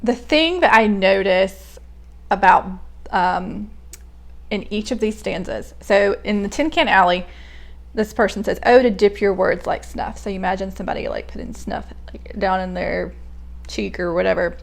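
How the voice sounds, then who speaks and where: A woman's voice: mid-range voice, moderate pace, creaky. A young woman talking through a poem in a casual, hesitant way, thinking aloud with many fillers and restarts. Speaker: poetry reader and commentator. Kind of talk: casual spoken poetry analysis.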